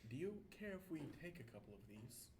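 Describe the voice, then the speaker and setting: A man's voice: fairly high pitch, big pitch swings, a little fast, heavy background noise. A young man playing in a tabletop game, talking casually and making jokes. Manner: casual, joking, directs the party. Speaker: player.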